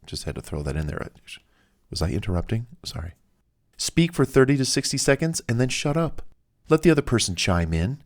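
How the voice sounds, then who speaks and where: A man's voice: mid-range voice, sing-song, brisk. A man narrating a self-help audiobook in a casual, anecdotal way, with fillers and the odd chuckle.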